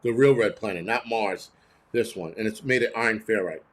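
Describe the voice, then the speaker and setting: A man's voice: fairly low pitch, moderate pace. A man hosting his own show, ranting in heated, blunt, profane commentary full of rhetorical questions. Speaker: host.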